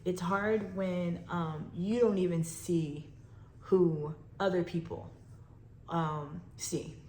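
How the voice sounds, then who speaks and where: A woman's voice: fairly low pitch, steady tone, slow pace, a little mellow. Woman talking faith and healing on her podcast, choked up, echoey room with faint hiss. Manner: emotional, fighting tears, reflective. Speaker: podcast host. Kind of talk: personal faith talk.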